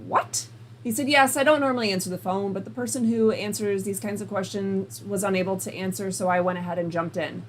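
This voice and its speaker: A woman hosting a call-in show, telling a personal story in a casual, animated way and acting out both sides of the conversations. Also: medium pitch, brisk, slight background noise. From United States. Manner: animated, retells conversations in quoted dialogue.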